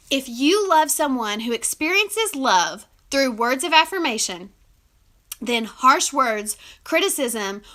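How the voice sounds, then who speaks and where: A young woman giving heartfelt relationship advice to camera, emotional and giggly as she talks. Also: high-pitched. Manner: warm, emotional, giggly, earnest. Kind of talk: casual heartfelt talk to camera.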